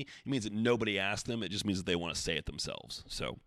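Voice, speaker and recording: A man's voice: lowish voice, very animated, very fast, fairly bright tone, dry recording, studio quality. A man hosting his own podcast alone, chatting in a rambling, jokey, self-deprecating way. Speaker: podcast host. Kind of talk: casual solo podcast talk.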